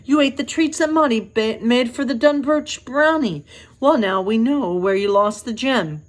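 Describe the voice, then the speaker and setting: A spirited young princess, fretful and bold, speaking in a lifted, bright voice. A woman reading aloud puts her on with a loose attempt at a Scottish lilt. A bedtime storybook reading. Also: a little high, normal speed, pitched above the performer's own voice, lightly acted. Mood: knowing.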